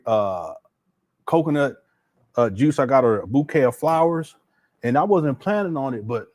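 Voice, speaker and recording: A man's voice: medium pitch, a little mellow. A middle-aged man hosting casual reaction commentary, laughing often and mocking what he plays. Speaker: commentary host.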